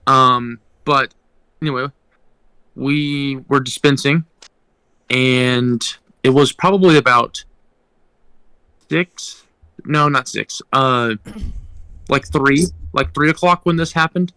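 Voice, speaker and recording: Young guy rambling through a work story on a podcast, bright voice, dry close mic. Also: medium pitch, fairly even intonation, takes it slowly, pauses often, clear, resonant tone, no echo, rough recording. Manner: rambling, with many ums and restarts. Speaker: podcast co-host. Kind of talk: casual storytelling.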